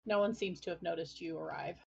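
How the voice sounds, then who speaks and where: A woman's voice: on the low side, steady tone, a little fast, gravelly, husky, lo-fi sound. A woman narrating as game master of a tabletop game, speaking in a descriptive, hesitant way with frequent fillers.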